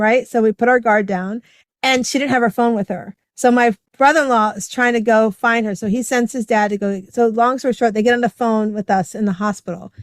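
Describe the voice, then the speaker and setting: A woman's voice: on the high side, no room sound. A middle-aged woman hosting a podcast, telling a personal story in a chatty way with lots of fillers. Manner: chatty, many fillers, acts out quoted voices. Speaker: podcast host. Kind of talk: casual conversational storytelling.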